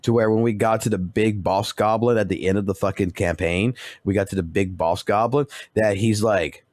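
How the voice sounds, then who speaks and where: A man's voice: on the low side, steady tone, moderate pace, few pauses, darkish tone, dry recording. A male streamer casually rambling through a story with constant swearing and restarts.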